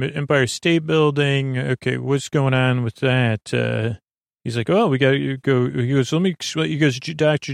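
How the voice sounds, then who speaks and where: A man retells an episode in loose, rambling podcast talk, full of fillers and restarts. His middle-pitched voice has a gravelly edge. The recording is dry and close, with no room sound. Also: no echo. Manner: rambling, many fillers and restarts, quotes characters in his own voice. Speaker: podcast host. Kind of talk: casual episode recap.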